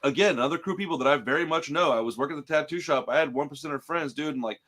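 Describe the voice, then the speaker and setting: Fast-talking man in casual podcast banter. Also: on the high side. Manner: animated, swears freely, says "dude" a lot. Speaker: podcast co-host. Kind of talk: casual chat about a film.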